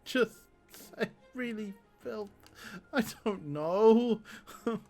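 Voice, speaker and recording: Slow-talking man reading a text game. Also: high-pitched, lively intonation, mellow, soft background music. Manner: laughs often, reads options aloud, amused. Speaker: streamer. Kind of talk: live-streamed text game, reading aloud.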